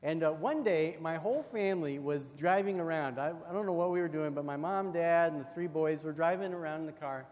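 High-voiced pastor telling a story. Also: male voice, brisk, hardly any pauses. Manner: storytelling, animated, acts out voices in the anecdote. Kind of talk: sermon with personal story. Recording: long hall reverb.

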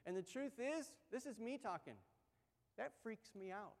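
Male pastor, high tenor, animated conversational sermon, long hall reverb. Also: normal speed. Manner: conversational, animated storytelling with acted-out quotes.

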